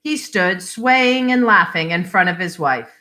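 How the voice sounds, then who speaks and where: A woman reads a short story aloud in a slow, measured way. Her voice is bright, and her pitch rises and falls in a lively way as she moves between narration and dialogue. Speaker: library story reader. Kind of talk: reading short stories aloud.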